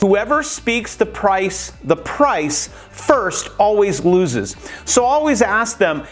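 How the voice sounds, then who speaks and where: A man talking casually in a how-to vlog, chatty and animated, acting out little conversations as he gives tips. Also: sits high, unhurried, soft background music. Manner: chatty and animated, acts out quoted exchanges. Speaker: YouTube creator.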